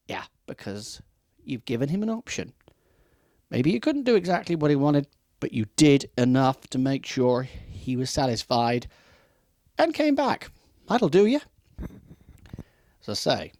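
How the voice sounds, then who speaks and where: A man's voice: a little high, big pitch swings, unhurried, a little mellow, no echo, clean studio sound. A man giving an unscripted customer service training talk, with emphatic, repeated warnings and acted-out customer dialogue. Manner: acts out customer dialogue in quotes.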